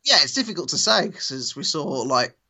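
Male co-host, relaxed, amused, a bit rambling. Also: a little high, a little fast, creaky. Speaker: podcast co-host. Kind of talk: casual chat.

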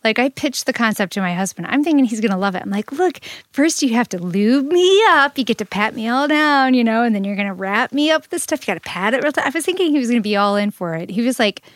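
A woman co-hosting a podcast, telling a story in a lively casual way and laughing often. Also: fairly high pitch, fast, hardly any pauses, no room sound. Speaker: podcast co-host.

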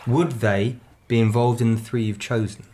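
A man's voice: mid-range voice, normal speed, a little hiss or hum. A man hosting a podcast, chatting playfully with his co-host and guest. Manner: playful, animated. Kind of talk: casual chat.

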